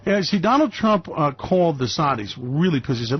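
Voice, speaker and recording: A man hosting a market commentary radio show, talking in a loud, brash, sarcastic way and mocking people with put-on voices. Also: fairly high pitch, sing-song, normal speed, husky. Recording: dry, slightly dull lo-fi recording.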